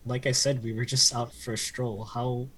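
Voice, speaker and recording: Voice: medium pitch, level tone, moderate pace, a bit bright, breathy edge, rough recording. A player in a tabletop game, talking in a playful, cheeky way. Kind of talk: playing a tabletop game in character.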